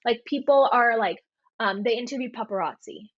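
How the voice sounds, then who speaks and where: A woman's voice: on the high side, moderate pace, no room sound, highs cut off. A young woman co-hosting a casual podcast chat, retelling a story with lots of "like" fillers. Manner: animated storytelling with many "like" fillers. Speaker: podcast co-host.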